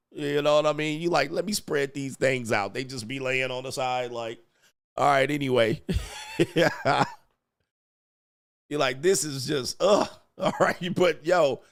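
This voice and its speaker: A podcast host with a fairly high, gravelly male voice tells crude comedic stories to a live chat. He uses heavy slang and acts out the quotes as he riffs.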